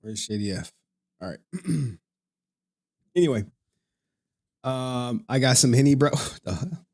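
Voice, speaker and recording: A man's voice: medium pitch, animated, takes it slowly, a little mellow. A young man hosting a casual late-night stream, tired from no sleep, rambling, swearing and laughing often. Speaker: streamer host.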